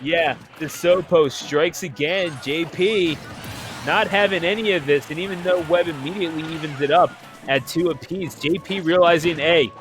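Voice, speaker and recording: A man commentating an online video game tournament play-by-play, excitable and joking, laughing often. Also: on the high side, moderate pace, music in the background. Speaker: esports commentator.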